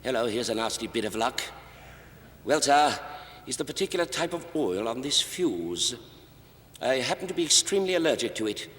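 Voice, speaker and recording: A man performing a comic monologue as one side of a conversation, overly polite and deferential, calling his listener sir, often stammering and halting. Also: medium pitch, very animated, a bit bright. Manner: nervous stammering and halting restarts. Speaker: comedian. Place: television studio stage. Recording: long hall reverb on a 1960s TV stage.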